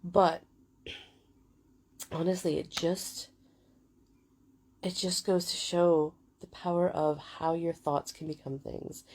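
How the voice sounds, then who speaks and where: Gravelly woman in her forties. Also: fairly low pitch, fairly even intonation, slow pace, pauses often, darkish tone. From United Kingdom. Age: 40s. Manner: chatty, frequent fillers and swearing. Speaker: vlogger. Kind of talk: casual storytelling.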